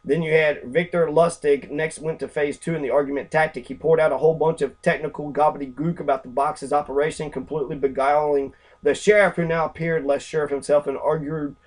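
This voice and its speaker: Rambling, profane man with a slightly high voice. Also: fairly even intonation, a little fast, few pauses. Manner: rambling, profane, with many fillers; acts out quoted characters in brief voices. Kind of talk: reading a book aloud and commenting casually.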